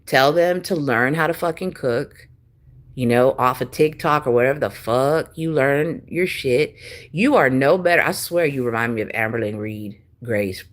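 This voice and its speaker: A woman's voice: extremely low pitch, moderate pace. Profane ranting woman. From Texas. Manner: profane, taunting, swings loud and soft. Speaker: livestreamer. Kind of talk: angry livestream rant.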